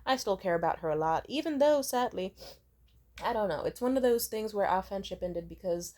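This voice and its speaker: A woman's voice: mid-range voice, expressive, a little fast, warm tone. A young woman telling a rambling, profane personal story in a casual vlog. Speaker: vlogger.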